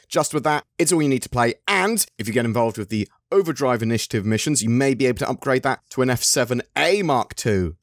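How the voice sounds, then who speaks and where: A man's voice: mid-range voice, no echo, clean studio sound. An English man hosting his gaming channel, reading a sponsor spot and outro in a playful, jokey way. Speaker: channel host.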